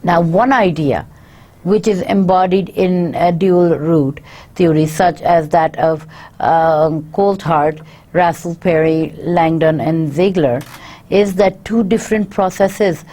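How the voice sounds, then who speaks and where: A woman with a lowish, warm voice speaks slowly as she gives a university lecture. She reads out each point and then paraphrases it in her own words, dropping in fillers often.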